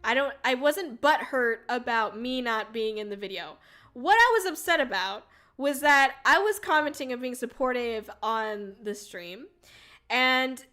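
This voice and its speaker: A woman's voice: high-pitched, sharp tone. A young woman streamer telling a rambling story in casual chat, full of "like" and "um", swearing and laughing often. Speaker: VTuber streamer.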